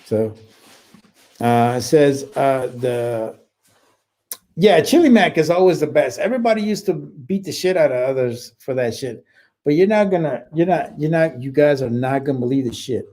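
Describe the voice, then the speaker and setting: A man's voice: medium pitch, expressive, moderate pace, dark tone. A middle-aged man hosting a casual chat, swearing a lot and telling rambling army stories to viewers he calls bro. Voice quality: heavy swearing, rambling with restarts. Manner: laid-back, talks to viewers as "bro". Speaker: livestream host reading viewer chat.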